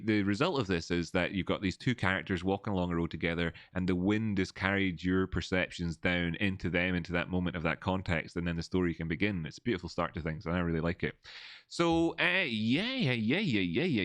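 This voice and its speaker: A man's voice: sits low, fairly bright tone, no room sound. A man hosting a casual livestream, rambling with many restarts and reading chat messages aloud. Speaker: livestream host. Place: old building, indoors.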